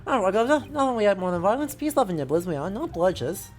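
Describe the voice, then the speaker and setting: A woman voicing a rough male petty thief with a put-on Cockney accent, loud and full of slang. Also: medium pitch, sing-song, racing, soft background music, close to an everyday voice. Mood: cheeky.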